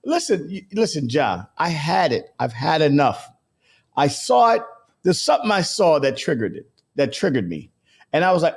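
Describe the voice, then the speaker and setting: A man hosting a casual live show, chatting and bursting into loud, laughing rants. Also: fairly high pitch, very animated, normal speed, creaky, slightly rough. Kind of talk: casual live-stream chat.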